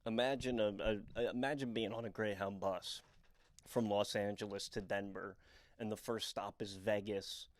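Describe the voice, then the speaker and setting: A young adult comedian from the northeastern United States tells candid personal stories in a lowish, steady voice at a moderate pace. His monologue rambles, leans self-deprecating, and is full of fillers, captured in a dry recording.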